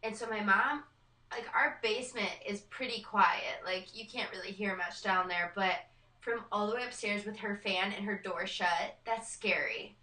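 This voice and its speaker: Young woman guest, bright voice, chatty storyteller, heard off-mic in an echoey room. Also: mid-range voice, normal speed, far from the mic. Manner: chatty storyteller with lots of likes and ums. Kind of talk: casual podcast chat.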